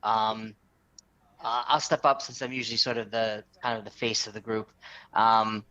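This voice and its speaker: Halting male player, muffled sound. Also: lowish voice, flat delivery, bright, forceful tone. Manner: halting, many fillers.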